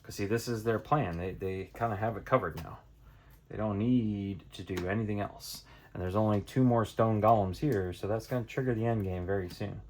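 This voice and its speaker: Deep-voiced man talking through a card game. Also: normal speed, a little hiss or hum. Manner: thinking aloud, counting cards out loud. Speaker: board game reviewer. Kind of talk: casual tabletop playthrough tutorial.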